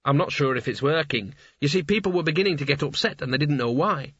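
A man's voice: fairly high pitch, animated, fast talker, a bit bright, breathy edge, no echo, dull audio. A man voicing a flustered, fussy male wizard who rambles anxiously. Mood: explaining.

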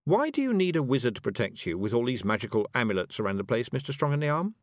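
A man voicing a cool, sly young witch girl who speaks slowly and sweetly with a cutting edge, in an audiobook. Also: mid-range voice, no echo, pitched above the performer's own voice. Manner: slow, calm, sweetly cutting.

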